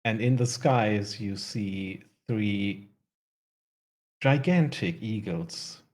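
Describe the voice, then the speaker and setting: Slow, low-voiced male game master. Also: darkish tone. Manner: slow, laughs often while narrating. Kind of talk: narrating a tabletop fantasy game.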